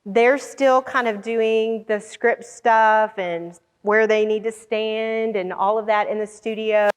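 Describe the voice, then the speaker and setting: A woman whose job is organizing conferences gives a storytelling talk about her work, animatedly acting out lines other people spoke. Her voice is a little high, and she is speaking in a large hall.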